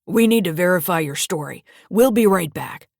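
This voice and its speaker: A woman's voice: on the low side, expressive, moderate pace, vocal fry, a little mellow, dry recording, clean studio sound. A woman voicing a stern older male state trooper who questions firmly. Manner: firm, questioning.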